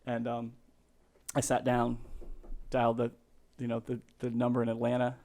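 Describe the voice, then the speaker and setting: A man's voice: medium pitch, completely flat delivery, moderate pace, a little mellow. Rambling middle-aged male storyteller. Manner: rambling, lots of fillers and restarts, laughs through stories. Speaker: realtor, podcast guest. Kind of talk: casual storytelling.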